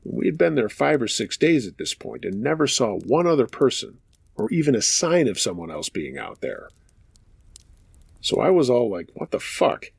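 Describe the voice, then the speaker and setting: Man, scary story narrator, gravelly, husky, lively pitch swings, casual and profane, dry close recording. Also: moderate pace, no echo. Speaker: host reading listener stories. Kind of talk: narrating true scary stories.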